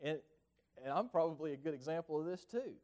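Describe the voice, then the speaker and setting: A man's voice: fairly high pitch, expressive, quick pace, a little mellow. A man with a rural Southern US accent preaching a conversational sermon, often repeating and restarting his words.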